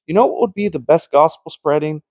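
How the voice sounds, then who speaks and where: A man with a fairly high voice preaches in a loose, conversational way, acting out the voices of people in his stories. The sound is dry and close, with no room echo. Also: fairly quick, vocal fry, dark tone. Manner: storytelling that acts out quoted conversations; earnest, conversational. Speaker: Christian teacher. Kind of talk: informal preaching monologue.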